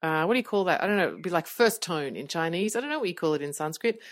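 A woman's voice: on the low side, expressive, quick pace. A middle-aged woman hosting a podcast from her bedroom, chatting casually with lots of fillers and restarts. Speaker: podcast host. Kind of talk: casual solo podcast talk. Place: bedroom, seated on bed.

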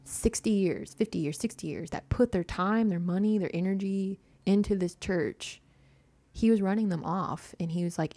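A woman's voice: medium pitch, normal speed, mellow, dry recording. A young woman telling a personal story in casual chat, full of "like" and little laughs. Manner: chatty, heavy use of "like", laughs often.

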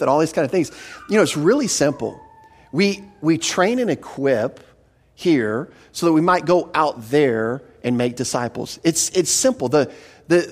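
A pastor preaching an expository sermon, earnest and emphatic, often repeating a word as he starts a phrase. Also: fairly high pitch.

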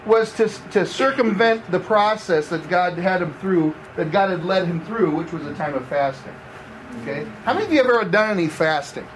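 A man's voice: sits high, expressive, brisk, far from the mic, a little hiss or hum, poor audio. A man preaching a conversational sermon, asking the audience questions as he goes. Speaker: campus pastor. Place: room with seated audience.

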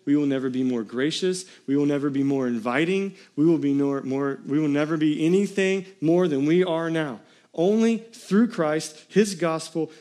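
A man's voice: mid-range voice, darkish tone. A man preaching a sermon as pastor, reading scripture and pressing points on the congregation with direct questions.

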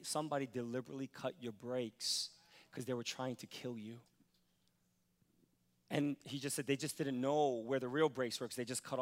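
A middle-aged man preaching a sermon as pastor, animated, moving from quiet, earnest passages to loud, excited ones. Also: mid-range voice. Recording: long reverb of a large hall.

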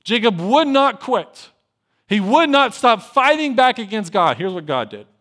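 A male pastor preaching a sermon with animated delivery, swinging between loud emphasis and hushed asides, and telling the story with conversational humor. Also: high voice, unhurried. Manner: acts out biblical dialogue with conversational humor.

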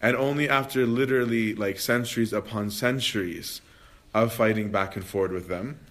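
A man with a somewhat low voice leads a relaxed spiritual lecture. He talks conversationally, keeps checking in with "right?" and fills pauses with "um". He acts out quotes with lively shifts in tone and volume. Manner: acts out quotes with expressive swings in pitch and volume. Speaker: religious study group leader.

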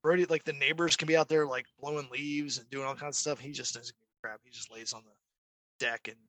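A man chatting as a podcast guest, telling animated stories and mimicking barking dogs. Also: mid-range voice, a little fast. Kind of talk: casual chat.

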